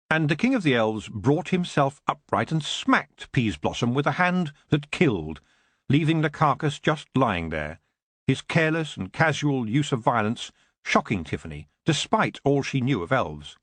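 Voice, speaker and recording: In this clean, echo-free recording, a mid-range male voice narrates an audiobook at a moderate pace. His reading is dramatic and full of expression.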